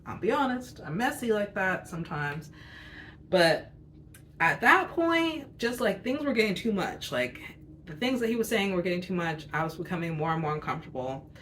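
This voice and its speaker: A woman's voice: lowish voice, lively intonation, normal speed, a bit bright, slight background noise. A woman in her twenties telling a personal story as a casual storytime chat, rambling and candid with lots of fillers. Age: 20s.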